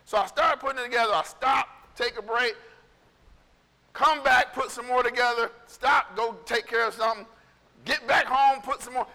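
A male pastor preaching in a casual storytelling way, animated and conversational, acting out what people said. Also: extremely high pitch, normal speed, in a large hall. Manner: animated, conversational, acts out quotes. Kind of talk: storytelling sermon.

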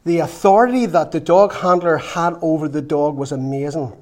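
A man's voice: fairly high pitch, moderate pace. Man preaching a sermon. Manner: storytelling, animated, acts out quotes.

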